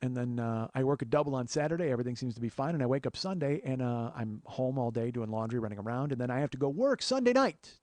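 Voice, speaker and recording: A man hosting a comedy podcast, telling an exasperated, profane story that swings from low muttering to loud outbursts. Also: lively intonation, fast, hardly any pauses, dry recording. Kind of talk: storytelling monologue.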